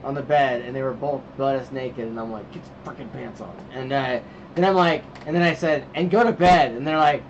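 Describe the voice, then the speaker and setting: A man's voice: mid-range voice, brisk. Rambling man telling stories, lo-fi sound. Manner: rambling storyteller, acts out his kids' lines. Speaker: podcast co-host. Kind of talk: casual chat. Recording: dull lo-fi sound with faint noise.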